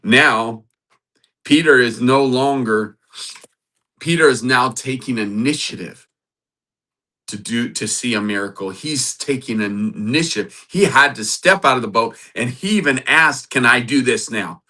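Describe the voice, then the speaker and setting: A man's voice: medium pitch, unhurried, bright, forceful tone. A man teaching from the Bible in a sermon style, reading scripture aloud and building to emphatic, repeated phrases. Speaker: preacher.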